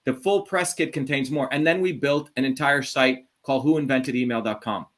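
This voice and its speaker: Brisk and combative, a middle-aged man hosting a call-in show launches into a heated monologue full of swearing and heavy stress. His voice is mid-range and a bit bright.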